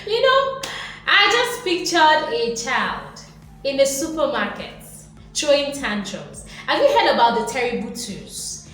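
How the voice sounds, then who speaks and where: Animated woman lecturing in an echoey room. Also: fairly high pitch. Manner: animated, lecturing, acts out voices. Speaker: motivational vlogger. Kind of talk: motivational talk to camera. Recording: very echoey room, faint music behind.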